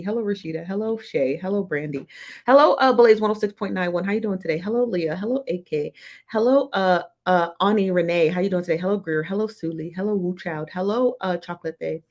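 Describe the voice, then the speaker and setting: A woman's voice: mid-range voice, fast, a little mellow. A woman hosting a casual live-stream reaction show, chatty and slangy, greeting viewers by name one after another. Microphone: desk mic, close.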